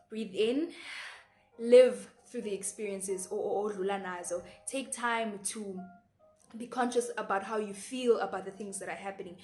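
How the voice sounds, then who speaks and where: A woman's voice: medium pitch, darkish tone. Earnest young South African woman vlogging. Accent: South African, Xhosa. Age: 20s. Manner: earnest, repeats words, switches into Xhosa phrases. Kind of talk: casual reflective advice to camera. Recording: echoey room with faint background music.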